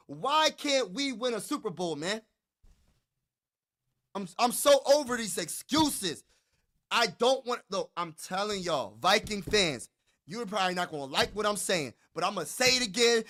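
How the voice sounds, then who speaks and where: A man hosting his own sports talk show, ranting with excitement and frustration. His voice sits high and sounds bright. He repeats lines for emphasis and stumbles over quick restarts. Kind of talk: hyped fan rant.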